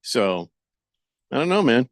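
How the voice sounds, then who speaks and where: A man hosting a sports radio show, chatting in a wry, rambling way. His pitch swings widely as he talks. The studio sound is dry and close, with no room echo. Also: sing-song, a little slow. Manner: rambling, wry, reads listener chat comments aloud. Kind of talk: casual sports radio chat.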